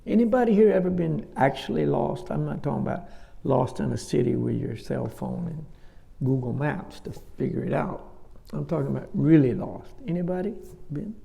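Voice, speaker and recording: A man's voice: fairly high pitch, vocal fry, warm tone. A man as a spiritual teacher giving a sermon to a live audience, telling stories in a conversational way with folksy asides and chuckles. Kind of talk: sermon with storytelling. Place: talk before a live audience.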